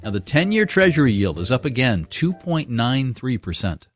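A man's voice: mid-range voice, normal speed, faint music behind. A man hosting a business news show, reading market numbers and introducing a story in an upbeat way. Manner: lively, upbeat delivery.

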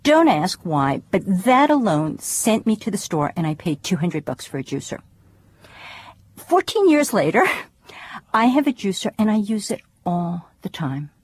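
A cookbook author who is a guest on a radio show, telling a story and explaining kitchen gadgets in an animated way. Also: female voice, mid-range voice, unhurried, husky. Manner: animated storyteller, laughs often. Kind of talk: conversational explanation.

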